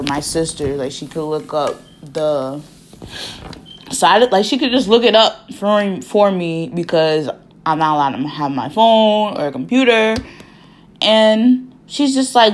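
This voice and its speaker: A woman's voice: fairly low pitch, lively intonation, measured pace. A woman in her twenties telling a personal story in a casual, chatty way, full of fillers and asides. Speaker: vlogger.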